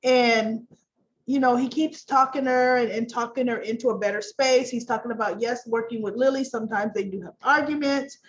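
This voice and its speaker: A woman casually recapping a soap opera, chatty and animated, who keeps clearing her throat. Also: on the high side, brisk, muffled recording. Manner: chatty, animated storytelling with rhetorical questions.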